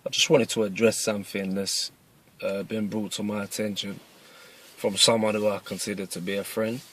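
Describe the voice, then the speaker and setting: Cockney man, thirties, low voice, plain-spoken self-defence vlogger talking from his car. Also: level tone, moderate pace, fairly bright tone. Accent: East London Cockney. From East London, England. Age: 30s. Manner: earnest, plain-spoken, repeats himself with restarts. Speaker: self-defence video maker. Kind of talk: casual talk to camera. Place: inside a parked car.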